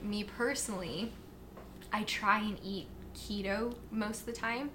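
A woman fitness and nutrition coach talks casually as a podcast guest, animated and chatty with plenty of fillers. Her voice is bright and forward, at a middling pitch. A faint hiss runs under the recording. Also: unhurried. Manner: animated storyteller, lots of fillers and acted quotes. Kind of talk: casual interview chat.

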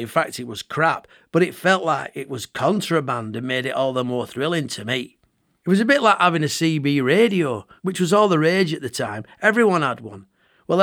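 A middle-aged Lancashire man with a Bolton accent narrates his own memoir with dry, conversational comic timing. His voice sits at an ordinary pitch for a man. The studio recording is close and dry, with no room sound. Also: no room sound. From England. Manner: dry, chatty storytelling with northern dialect. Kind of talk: audiobook narration.

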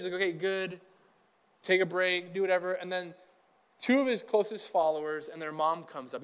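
A man's voice: sits high, fairly bright tone. A man preaching a casual, conversational sermon as pastor, chatty and acting out quotes from Bible figures in everyday speech.

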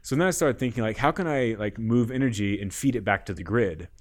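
A man's voice: fairly low pitch, fast talker. A man guest on a podcast, telling a rambling story in casual talk, often laughing and swearing.

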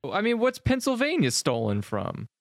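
A man's voice: high voice, wildly swooping pitch, moderate pace, creaky, no echo. An American man in casual podcast chat, making wry joking asides. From United States.

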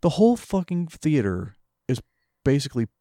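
Ranting man with a mellow voice. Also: fairly high pitch, sing-song, moderate pace, no room sound, studio quality. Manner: ranting, heavy swearing, mocking imitations. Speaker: podcast co-host. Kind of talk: casual profane rant.

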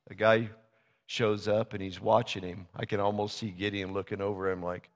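A man's voice: fairly low pitch, little pitch movement, normal speed. A man preaching a sermon, retelling a Bible story in a casual, conversational way and acting out the characters' lines. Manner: storytelling, conversational, acts out biblical dialogue. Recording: reverberant hall.

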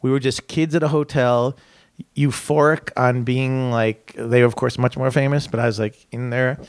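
A man's voice: mid-range voice, steady tone, normal speed, no room sound. A male comedian telling long, rambling stories in casual chat, interrupting himself and laughing as he talks. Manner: rambling, self-interrupting, laughs while talking. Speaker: comedian guest.

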